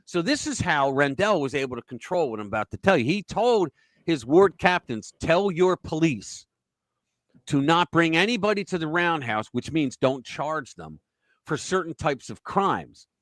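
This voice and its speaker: Blunt rambling man, lively pitch. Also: normal speed, no room sound. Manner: rambling storyteller, blunt and profane. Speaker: host. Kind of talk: casual political talk livestream.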